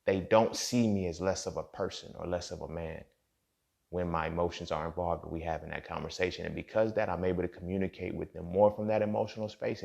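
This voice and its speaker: A man's voice: low voice, vocal fry, darkish tone. A young man hosting a podcast, talking in a blunt, profane, casual monologue straight to his listeners. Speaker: podcast host.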